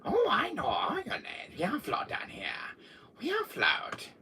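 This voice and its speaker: A man's voice: very high voice, wildly swooping pitch, a little slow, gravelly, pushed and bright, breathy edge, recorded from a distance, pitched above the performer's own voice, full character voice. A man doing a whispering sinister clown. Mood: creepy taunting. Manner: hissing whisper, sing-song taunts. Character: creepy male sewer clown, taunting.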